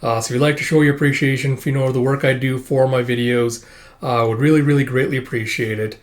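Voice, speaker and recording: A man's voice: medium pitch, fairly even intonation, fast. A man hosting a casual manga read-through, rambling with many fillers and frequent chuckles. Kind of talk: casual reading commentary.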